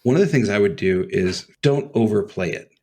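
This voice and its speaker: Husky low-voiced man chatting. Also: fairly quick. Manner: relaxed, storytelling with laughs. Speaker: podcast co-host. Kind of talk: casual chat.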